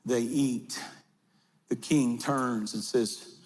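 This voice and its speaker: A high-voiced man preaches slowly and with fire, pushing up into shouts at his strongest lines. He is in a large church where the sound rings out in a long hall reverb, with faint music underneath. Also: a little hiss or hum. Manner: impassioned, shouting at peaks, storytelling. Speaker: pastor. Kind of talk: sermon.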